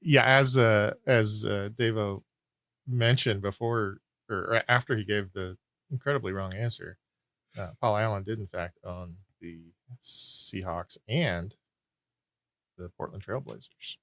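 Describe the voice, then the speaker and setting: A man's voice: lowish voice, measured pace, fairly bright tone, dry recording. A man hosting a casual podcast trivia game, reading out questions and scores and teasing players in a dry, wry way. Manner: dry, wry, explains things loosely with fillers. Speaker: quizmaster host.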